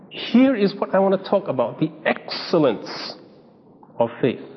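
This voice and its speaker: A man preaching a sermon, telling stories and acting out the people he quotes with emphasis. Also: sits high. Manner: storytelling, acts out quoted voices, emphatic. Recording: dull lo-fi sound in a reverberant hall.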